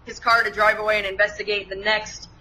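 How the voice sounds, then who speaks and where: Woman, bright tone, casual analytical chat, lo-fi sound, faint hiss. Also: mid-range voice, flat delivery, fast talker. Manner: explains at length, analytical. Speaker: co-host in a film review chat.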